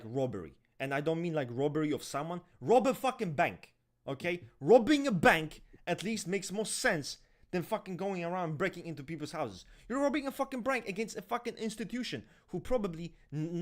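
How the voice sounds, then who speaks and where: A man in casual podcast talk, ranting and swearing heavily in an animated way. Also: on the high side. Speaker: podcast co-host. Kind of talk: heated casual discussion.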